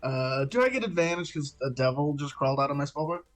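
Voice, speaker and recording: Player guy chatting at the table, bit higher voice, quick and upbeat, faint music behind. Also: animated. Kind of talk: casual table talk.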